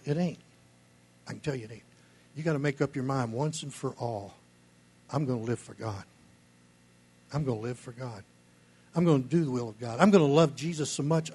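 A man preaching a sermon as pastor, blunt and folksy, with his voice swinging between loud, high exhortation and low, quiet murmurs. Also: slightly rough. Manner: preaching, voice rising and falling sharply between shouts and low murmurs; blunt, folksy delivery with casual contractions.

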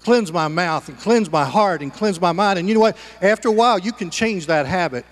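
A man's voice: sits high, expressive, a little fast, big-room sound. A man preaching a sermon as pastor, folksy and conversational, with homespun humor.

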